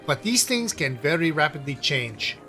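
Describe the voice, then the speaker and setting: A man voicing a guarded, polite male expedition leader who speaks in a measured, formal way. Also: a little high, big pitch swings, pushed and bright, faint music behind.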